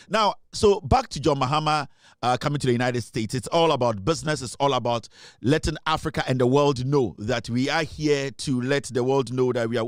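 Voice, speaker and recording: A man's voice: mid-range voice, dry recording, studio quality. A man with a Ghanaian accent hosting an online talk show, giving casual political commentary with many fillers and repeated slogans.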